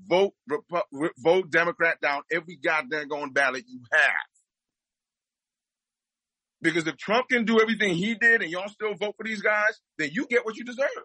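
A man's voice: high voice, moderate pace, pushed and bright, dry recording, poor audio. A man speaking as a guest, giving impassioned political commentary and repeating his points for emphasis.

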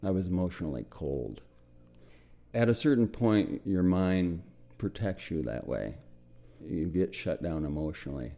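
An older man from the United States telling his own story for a documentary radio piece, slow and reflective, often sinking to a quiet murmur. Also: sits low, expressive, creaky.

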